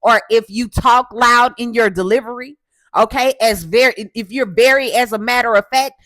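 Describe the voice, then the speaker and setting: Woman host, coarse and assertive, talks loud in a dry booth. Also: a little high, normal speed, no echo. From Houston, Texas. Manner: loud, assertive, keeps asking "okay?". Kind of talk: casual commentary monologue.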